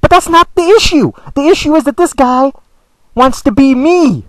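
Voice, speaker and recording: Stammering, whiny man with a high voice. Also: normal speed, dry recording, poor audio. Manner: stammering, repeats words, swears a lot; aggrieved and whiny. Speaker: video blogger. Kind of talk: ranting vlog monologue.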